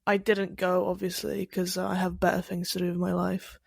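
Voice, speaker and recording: A woman's voice: fairly low pitch, monotone, normal speed, vocal fry, slightly rough, dry recording, studio quality. A young woman co-hosting a film podcast, chatting bluntly and casually with some swearing. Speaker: podcast co-host. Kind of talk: casual chat.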